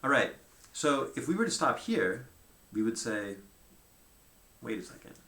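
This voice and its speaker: A man's voice: medium pitch, very animated, moderate pace, bright, forceful tone, echoey room. A man giving a conversational lecture at a whiteboard, thinking aloud and checking in with "right?" as he goes.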